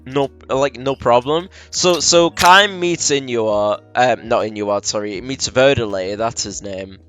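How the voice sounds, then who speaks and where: A man in casual drunken chat with friends, rambling through a game's story and acting out the characters in quick quoted bits. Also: medium pitch, fairly bright tone, clear, resonant tone, faint music behind. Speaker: friend explaining a game plot.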